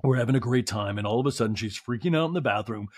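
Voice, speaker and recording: A man doing an impression of a calm, measured woman who talks in a sober, reasonable tone. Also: mid-range voice, voice pushed down, natural voice. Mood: baffled.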